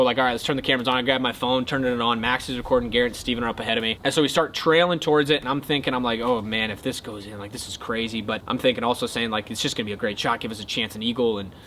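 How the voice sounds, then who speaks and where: A young man casually telling a golf story to his viewers, excitable and then earnest. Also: medium pitch, slight background noise. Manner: excitable retelling, quieter and earnest when talking faith. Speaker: golf content creator.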